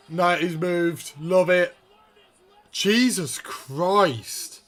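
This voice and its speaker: A man giving live reaction commentary, excitable, repeating himself and breaking into shouts. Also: sits high, measured pace. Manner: excitable, bursts into shouts and laughs; repeats words and restarts in excitement. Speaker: video host reacting to a wrestling event.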